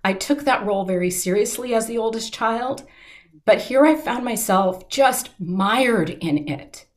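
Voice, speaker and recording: A middle-aged woman telling a personal story in an interview, earnest and heartfelt, slowing down at the emotional moments. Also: fairly high pitch.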